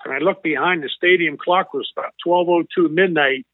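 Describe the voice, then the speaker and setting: An older man, a former baseball coach, telling a long emotional story as an interview guest in an earnest, halting way. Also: fairly high pitch, lively intonation, no room sound. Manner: earnest, halting, repeats himself. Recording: tinny phone-like line.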